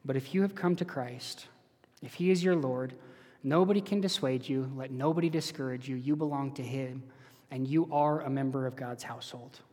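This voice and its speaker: A man's voice: medium pitch, normal speed, a little mellow. A man preaching an earnest, conversational sermon as pastor of a church. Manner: earnest, conversational with direct questions to listeners. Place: church hall. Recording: echoey hall.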